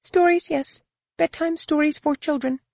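Curt alien guide, female, frosty and clipped, pitched well high, put on by a woman narrator; dry audiobook read. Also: expressive, brisk, no echo. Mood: cool.

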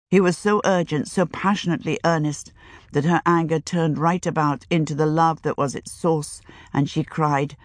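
A woman narrating an audiobook in a measured, even manner. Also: deep voice, no room sound, clean studio sound.

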